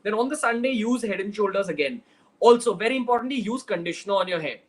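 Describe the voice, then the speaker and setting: Young Mumbai-accented male host, fairly high voice, casual and direct Q&A delivery. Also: expressive, fast talker, low-quality recording. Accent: Mumbai Indian English. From Mumbai, India. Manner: chatty, direct, switches into Hindi phrases. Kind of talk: casual livestream Q&A.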